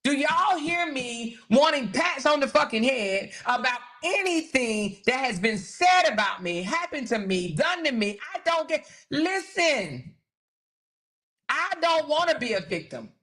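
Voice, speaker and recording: A woman hosting a live stream, talking in an exasperated, animated rant. Her voice is bright and forceful. She mocks others with put-on quotes and breaks off to answer her chat. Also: sits high, measured pace. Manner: reads live chat aloud. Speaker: host. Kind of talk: livestream commentary.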